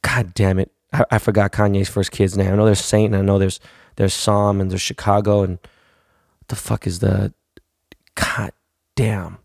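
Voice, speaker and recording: Blunt, profane man with a gravelly voice. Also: fairly low pitch, flat delivery, normal speed, darkish tone, no echo, clean studio sound. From United States, West Coast. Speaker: podcast host. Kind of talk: casual monologue.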